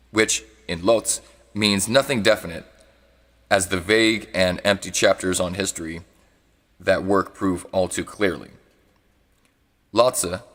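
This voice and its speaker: Reading a philosophy text aloud live, a low-voiced man with a slightly bright tone stumbles, restarts and corrects words he misreads. He also comments when he's uncertain how to say foreign words, and his voice carries a long reverb tail.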